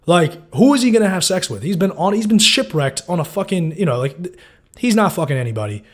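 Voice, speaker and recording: A man's voice: high voice, very animated, quick pace. A man giving a loose, casual breakdown of TV episodes, full of fillers and swearing. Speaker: TV show recapper.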